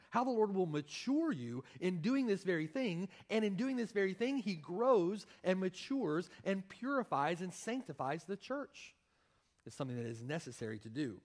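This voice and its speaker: Man, pastor, church sermon, emphatic, very lively intonation. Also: a little high. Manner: emphatic, reads scripture aloud then explains it.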